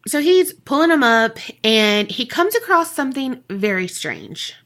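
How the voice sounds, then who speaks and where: A woman's voice: high voice, sing-song, measured pace, fairly bright tone. A woman co-hosting a podcast, telling a story in a casual, profane way and laughing often. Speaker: podcast co-host.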